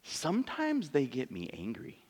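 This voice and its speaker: A man's voice: mid-range voice, wildly swooping pitch, moderate pace, darkish tone, slightly rough. A man in his thirties, a pastor preaching a sermon in church in a conversational, joking way, asking his congregation rhetorical questions.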